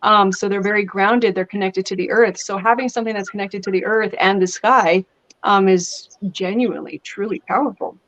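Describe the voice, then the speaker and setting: A woman guest talking in a casual interview, chatty and lively as she tells stories. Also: mid-range voice, moderate pace, muffled recording. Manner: chatty, animated storytelling with laughs. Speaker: guest actress.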